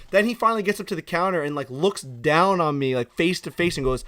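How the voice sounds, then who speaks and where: A young man co-hosting a casual podcast chat, telling stories with a bright, forceful edge in his voice. He swears freely and gets loud and animated when he is worked up. His voice sits a bit high for a man. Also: fast talker, few pauses. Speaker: podcast co-host.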